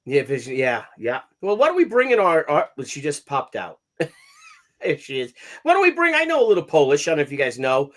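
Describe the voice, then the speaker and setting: A man hosting a live stream in casual chat, greeting viewers by name in an animated, chatty way. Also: fairly high pitch, fairly quick. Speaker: host of live comics stream.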